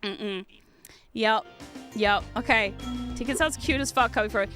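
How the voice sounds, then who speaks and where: Young woman streamer; rambling, giggly casual chat, high pitch, music under the voice. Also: unhurried. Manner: rambling, giggly, animated outbursts. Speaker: VTuber streamer. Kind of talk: casual chat while streaming retro games.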